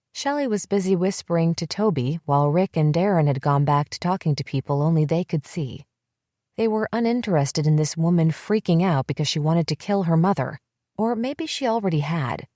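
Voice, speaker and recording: A woman reading a psychological thriller audiobook in steady, measured first-person narration. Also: deep voice, no echo, studio quality.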